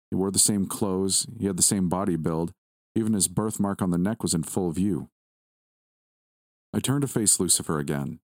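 A man reading a first-person horror story aloud at a steady, measured pace. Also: sits low, no room sound, studio quality. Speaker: story narrator.

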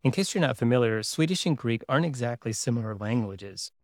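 A man narrating and asking interview questions in a plain, measured way. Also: medium pitch, lively intonation, dry recording, studio quality.

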